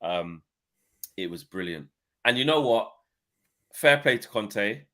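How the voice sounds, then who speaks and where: A man co-hosting a casual football podcast, talking in an animated, rambling way. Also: fairly low pitch. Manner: rambling, animated, quick to laugh.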